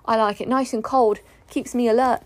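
A woman's voice: a little high, fairly even intonation, normal speed, a little mellow, dry recording, close to an everyday voice. A woman voicing a haughty, vain female otter in a storybook reading, with a demanding manner.

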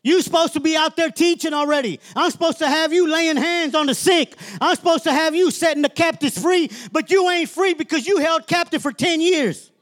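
A man's voice: very high voice, fairly quick, few pauses, fairly bright tone. A man preaching a sermon as minister, emphatic and colloquial, often calling out "Amen?" to the congregation.

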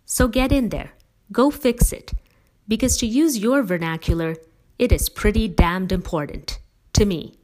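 A woman voicing a devoted middle-aged mother who speaks emphatically and persuasively, with gentle teasing. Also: mid-range voice, measured pace, voice pushed up, natural voice. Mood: firm.

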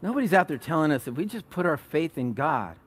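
A man preaching a sermon as pastor, conversational, rising to loud emphatic peaks and dropping to soft low asides. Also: big pitch swings, fast talker, slightly rough.

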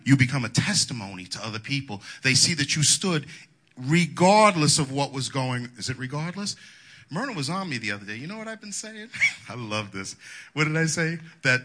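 A man's voice: mid-range voice, pushed and bright. A male pastor preaching a sermon in a folksy, colloquial way, wandering into asides.

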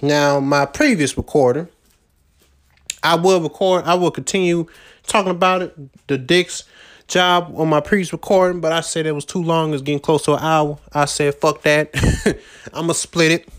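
This vlogger's voice sits on the high side, with a steady tone and a normal pace. Recorded without a real microphone, he rambles casually about searching for work and the jobs he's had, swearing freely and leaning on slang and filler words.

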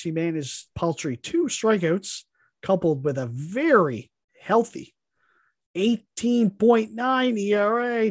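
Male podcast co-host, animated delivery with swinging pitch, dry close mic, salty trash-talking banter. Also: dry recording. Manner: profane, mock-insulting, playful trash talk. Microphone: podcast microphone.

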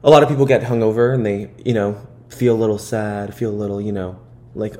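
Young adult man, New Jersey accent, comedic podcast host; hyperbolic, profane, animated delivery. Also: fairly low pitch, brisk. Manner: animated, profane, hyperbolic ranting with frequent laughs. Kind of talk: casual comedic monologue. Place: parents' basement.

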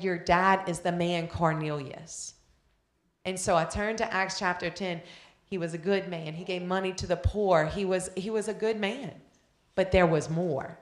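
A woman's voice: lowish voice, roomy sound. A woman preaching a sermon, telling a personal story with passion and drawing out her phrases. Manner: impassioned storytelling, drawn-out phrases.

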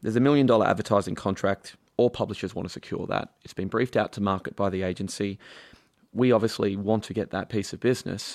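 Man, panel host, low voice, gravelly, dry close sound, long thoughtful questions. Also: no room sound. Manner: reflective, posing long questions. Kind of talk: business discussion.

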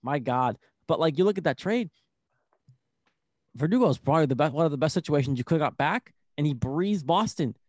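A young man co-hosting a casual sports chat, excitable and rambling, full of "like". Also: a little high, fairly quick, no echo, clean studio sound. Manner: excitable, rambling, heavy use of "like". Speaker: sports podcast co-host.

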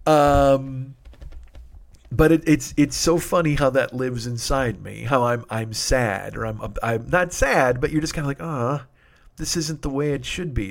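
A middle-aged man doing a rambling, profane comedic monologue as a podcast host, breaking into sudden loud outbursts. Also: mid-range voice.

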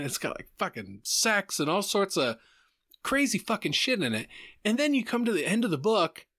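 A man in casual podcast chat, telling stories with lots of swearing and animated retelling. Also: fairly high pitch, no echo, studio quality. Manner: profane, animated storytelling. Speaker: podcast co-host.

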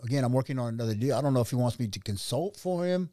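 A middle-aged man, a restaurant owner who tells his story in an animated way and acts out the voices of other people. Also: mid-range voice, racing, no echo, clean studio sound. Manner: animated, acts out quoted dialogue. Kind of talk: conversational storytelling.

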